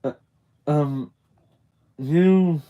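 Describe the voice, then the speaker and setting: A man's voice: fairly high pitch, big pitch swings, unhurried, phone-quality sound, voice pushed up. A man reading aloud, voicing a shy teenage boy who stammers and hesitates.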